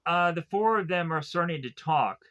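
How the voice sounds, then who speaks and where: A man's voice: fairly high pitch, expressive, normal speed, fairly bright tone, lo-fi sound. A man casually recapping a TV episode, rambling with many fillers and quoting the characters in passing.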